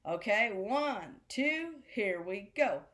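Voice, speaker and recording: A woman's voice: mid-range voice, lively intonation, takes it slowly, very noisy. A middle-aged woman teaching a beginner drum class, chanting rhythm patterns aloud with food words. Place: senior center class room.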